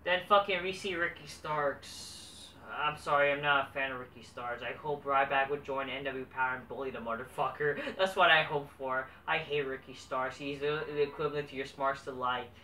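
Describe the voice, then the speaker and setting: A young man rambles through a casual, profanity-laced show recap in a bright, forceful voice. He sits well back from the mic in an echoey room with a faint hiss behind him. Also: medium pitch, fairly even intonation, moderate pace, few pauses, far from the mic. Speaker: wrestling show reviewer. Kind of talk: casual vlog review.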